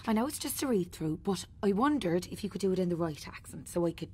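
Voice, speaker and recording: An actress playing a brisk Irish drama director with an Irish accent. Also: female voice, lowish voice, expressive, darkish tone. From Dublin, Ireland. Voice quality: very breathy.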